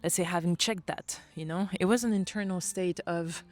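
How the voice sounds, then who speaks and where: A young woman with a French accent, talking through a reflective solo podcast, animated, swearing often and slipping into French phrases. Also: fairly low pitch, fairly quick, hardly any pauses. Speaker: podcast host.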